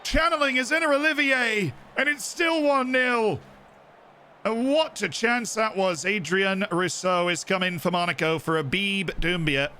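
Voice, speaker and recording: A man putting on an English accent to play an excitable football commentator calling a youth final. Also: high voice, measured pace, slight background noise, pitched above the performer's own voice. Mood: excited commentary. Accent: put-on English. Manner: loud play-by-play calling, shouts at chances.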